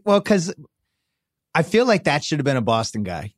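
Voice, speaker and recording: A man hosting a podcast, chatting casually with quick conversational asides. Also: on the high side, very animated, no room sound, studio quality. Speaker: podcast host. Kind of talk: casual sports podcast chat.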